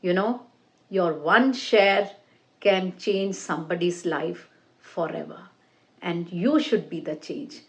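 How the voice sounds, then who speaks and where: Woman, English test-prep teacher, unhurried pace, emphatic sing-song stress, online lesson. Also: on the low side. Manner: slow, repetitive phrasing with direct appeals to viewers.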